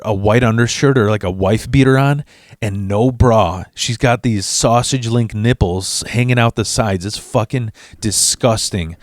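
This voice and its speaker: A man hosting a vlog, telling a comedic story in an animated, profane, fast-talking way. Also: mid-range voice, dry recording, clean studio sound. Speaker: vlog host.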